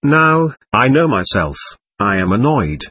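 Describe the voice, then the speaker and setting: This is a proud gentleman in an audiobook, irritated and stern as he issues warnings, read by a man. The voice is slightly husky, and the pitch moves in lively swings. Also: a little slow, exaggerated voice.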